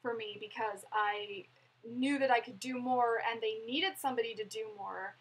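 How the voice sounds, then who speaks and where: A woman's voice: a little high, normal speed, breathy edge, low-quality recording. A young woman chatting casually on a live stream, rambling and laughing as she answers viewers' questions. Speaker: vlogger answering live chat.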